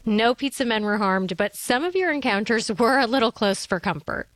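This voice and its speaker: A woman's voice: on the high side, animated, normal speed, dry recording. A woman hosting a radio show, introducing listener calls in an upbeat, conversational way. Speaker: radio host. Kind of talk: scripted radio presenting.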